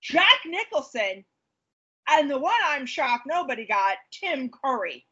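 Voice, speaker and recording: Bright, lively woman quizmaster. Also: high voice, measured pace, slight background noise. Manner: lively, teasing, laughing often. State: tipsy. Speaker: quiz host. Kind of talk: casual chat. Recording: dull lo-fi audio.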